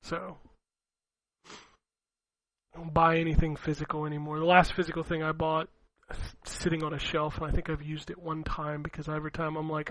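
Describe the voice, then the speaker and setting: A man's voice: fairly high pitch, flat delivery, moderate pace, long pauses, a bit bright, no room sound, low-quality recording. A man co-hosting a gaming podcast, rambling and laughing as he swears his way through casual chat. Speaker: podcast co-host.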